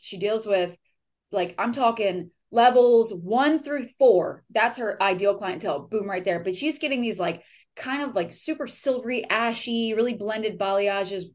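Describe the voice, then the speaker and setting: Foul-mouthed excitable woman podcast host. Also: medium pitch. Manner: profane, blunt and excitable. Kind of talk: casual podcast chat.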